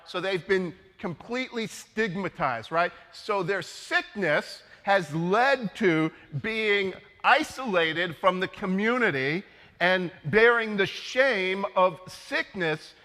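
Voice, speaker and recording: A man's voice: sits high, bright, forceful tone. A male priest preaching a sermon in a conversational way, often checking in with "right?". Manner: conversational, keeps adding "right?". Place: church sanctuary. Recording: long church reverb.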